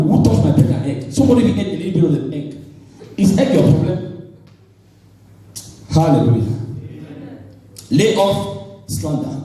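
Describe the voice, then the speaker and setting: African male pastor, high lively voice, mellow tone, heard from a distance in a very echoey church. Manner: animated, calls on the congregation to respond. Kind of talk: sermon.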